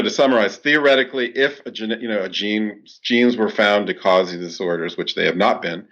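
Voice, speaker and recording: A man, a clinical psychologist, answering interview questions in a steady explanatory way, with frequent "you know" fillers. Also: sits low, highs cut off.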